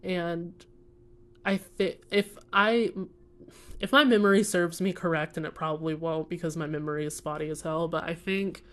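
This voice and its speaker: A woman's voice: lowish voice, steady tone, normal speed, a bit bright. A young woman chatting casually about books she read, earnest and rambling with lots of fillers. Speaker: book vlogger. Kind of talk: casual chat while coloring.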